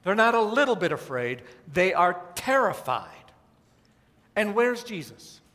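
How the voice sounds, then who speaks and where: A man preaching a sermon in a conversational way, with wry asides and dramatic pauses, in what sounds like a church sanctuary. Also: sits high, sing-song, bright, forceful tone, big-room sound. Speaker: pastor.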